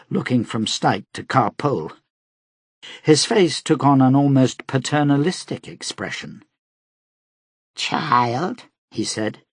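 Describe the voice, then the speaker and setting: A man reading an audiobook aloud in a steady, dramatic manner as its narrator. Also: lowish voice, breathy edge, dry recording, studio quality. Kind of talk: scripted narration.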